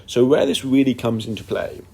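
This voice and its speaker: A man's voice: medium pitch, steady tone, normal speed, creaky, darkish tone, breathy edge. A young man talking casually on his own podcast, rambling with many fillers and restarts. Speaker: podcast host. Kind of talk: casual monologue.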